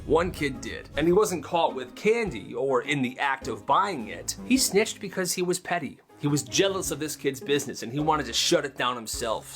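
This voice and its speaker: A man narrating comedic school stories in a casual, animated way, slipping into character voices. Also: mid-range voice. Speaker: storyteller. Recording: music playing behind.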